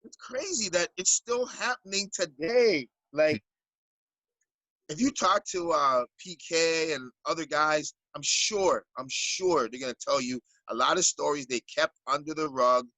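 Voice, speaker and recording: A man's voice: fairly high pitch, unhurried, sharp tone, no echo, rough recording. A Canadian basketball coach in a podcast interview, speaking earnestly and stumbling over repeated words as he searches for them.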